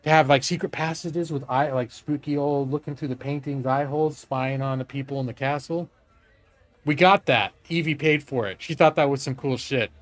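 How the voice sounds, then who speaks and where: A man's voice: mid-range voice, steady tone, moderate pace. A man casually commenting while he plays a strategy game live, swearing now and then and talking to his chat. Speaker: streamer playing a strategy game.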